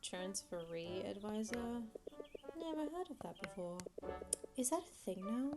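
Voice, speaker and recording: A woman's voice: medium pitch, expressive, a little slow, lightly acted. A woman putting on the voice of a cheerful, teasing middle-aged mother in a video game. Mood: doting. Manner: warm, doting and chatty. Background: game music.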